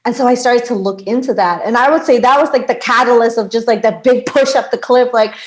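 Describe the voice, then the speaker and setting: Woman guest, 30s, from Bangladesh, slightly high voice, easygoing chat, laughs a lot. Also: a little fast, low-quality recording. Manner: chatty, laughs often, lots of "like". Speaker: podcast guest, sound healer. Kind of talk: casual conversation.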